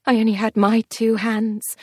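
A woman narrates a first-person fantasy audiobook expressively, shifting her pace for tense moments. Her husky voice is on the high side and moves at normal speed. The recording is studio quality with no room sound.

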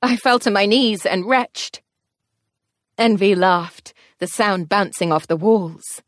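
A woman reads a first-person fantasy story aloud in an even mid-range voice. Her telling is expressive, speeding and slowing with the action, and the sound is close and dry with no room around it. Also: mid-range voice, no room sound. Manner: expressive, tense storytelling pace shifts. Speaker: audiobook narrator.

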